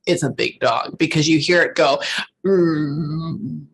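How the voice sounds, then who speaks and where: A woman's voice: deep voice, a little fast, gravelly, a bit bright, a little hiss or hum. A woman working as a psychic medium in a casual reading, emotional and swearing freely, often stopping to say hold on. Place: lives in Texas.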